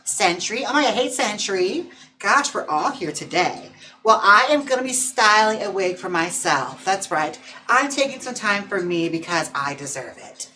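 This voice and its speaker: Campy, chatty drag queen, bright voice. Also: high-pitched, animated, normal speed, a little hiss or hum. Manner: chatty, campy, playful asides to viewers. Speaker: drag queen livestream host. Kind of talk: casual livestream chat. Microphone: own mic.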